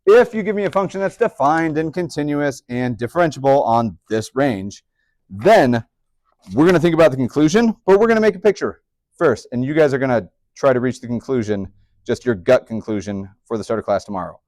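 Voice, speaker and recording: A man's voice: medium pitch, expressive, brisk, darkish tone, no room sound, studio quality. Male teacher, mid-range voice, chatty classroom lecture with playful asides. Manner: chatty, upbeat, joking asides to students. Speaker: high school math teacher.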